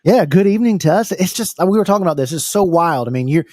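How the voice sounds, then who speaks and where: An American man hosting a live podcast, energetic and full of fillers, repeating words as he goes. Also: high voice, fast talker, dry recording, studio quality. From United States. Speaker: podcast host. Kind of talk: casual live podcast chat.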